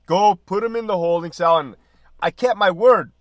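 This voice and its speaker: A middle-aged man, a former prison officer, telling a profane, lively story in casual podcast talk. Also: sits high, moderate pace, dry recording, clean studio sound. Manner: profane, animated storytelling with laughs and quoted dialogue.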